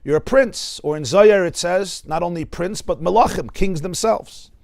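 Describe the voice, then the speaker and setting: High-voiced New York rabbi teaching. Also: male voice, normal speed, creaky, a little mellow, no room sound, clean studio sound. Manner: emphatic, repeats words for stress, quotes Hebrew texts. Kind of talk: Torah class. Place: study hall class.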